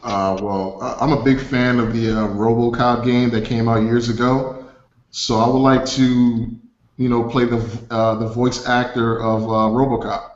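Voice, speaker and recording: A man with a deep baritone voice, chatting casually as a podcast co-host over an online call. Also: little pitch movement, moderate pace. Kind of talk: casual group chat. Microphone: online video call. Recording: lo-fi roomy online call audio.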